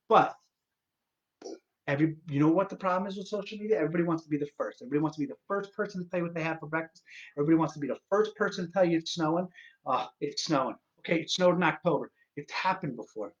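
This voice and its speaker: A man's voice: on the high side, fast, lo-fi sound. A man hosting his own live stream, sick and tired, ranting with exasperation and lots of swearing and false starts. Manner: exasperated, profane ranting with many restarts.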